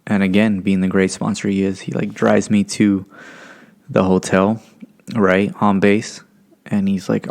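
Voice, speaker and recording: Gravelly low-voiced man telling a story. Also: normal speed. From California, USA. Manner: relaxed, rambling, acts out quoted voices. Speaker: podcast guest. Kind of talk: casual storytelling.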